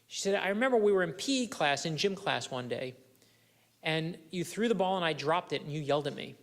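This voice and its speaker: A man's voice: a little high, lively intonation, brisk. A middle-aged man giving a keynote speech at a luncheon, telling earnest personal stories and speaking directly to the room. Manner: earnest, anecdotal, addresses the audience directly. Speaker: guest speaker.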